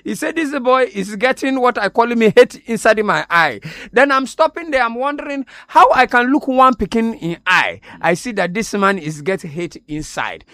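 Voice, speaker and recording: A man plays a boastful self-styled international correspondent who rambles in Ghanaian Pidgin English and keeps breaking into giggles. The voice is pitched very high and bright, and it sits dry and close on the studio mic. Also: animated, normal speed, few pauses, dry recording, heavily acted. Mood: gossiping. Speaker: comic radio presenter. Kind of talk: comedy skit. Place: radio studio.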